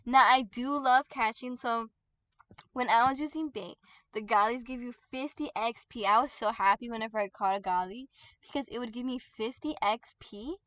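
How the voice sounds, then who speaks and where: A woman gaming YouTuber giving casual, rambling commentary on her game, giggling often and getting excited. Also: on the high side, normal speed, dry recording, dull audio.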